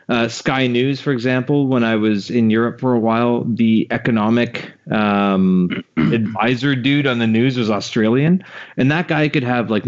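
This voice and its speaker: A man co-hosting a podcast in casual, rambling, joking chat. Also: mid-range voice. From Canada. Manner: rambling, joking, drops into mock voices. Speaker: podcast co-host. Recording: muffled online call audio.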